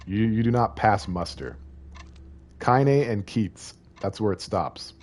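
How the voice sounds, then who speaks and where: Male streamer, low voice, lively melody, playful rambling chat with viewers. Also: unhurried. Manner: rambling and playful, talking to chat and reading game text aloud. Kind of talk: casual live-stream chat while playing.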